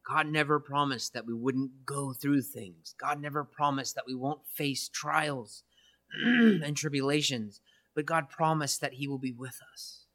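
A man's voice: mid-range voice, a little slow, a bit bright. A church minister preaching an earnest, reflective testimony, often checking in with his listeners with "right?". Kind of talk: sermon-style testimony.

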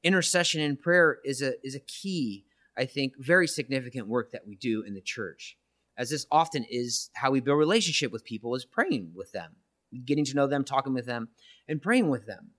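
A man's voice: medium pitch, expressive, moderate pace, a bit bright. A church minister preaching an earnest, reflective testimony, often checking in with his listeners with "right?". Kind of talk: sermon-style testimony.

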